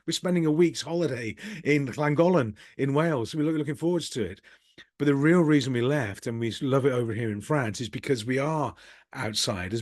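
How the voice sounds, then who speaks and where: Middle-aged Brummie host musing to camera, candid and self-deprecating, close dry sound. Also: male voice, medium pitch, dry recording. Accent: Birmingham. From Birmingham, England. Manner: candid, rambling, self-deprecating, with occasional chuckles. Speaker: business coach and channel host. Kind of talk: casual reflective monologue.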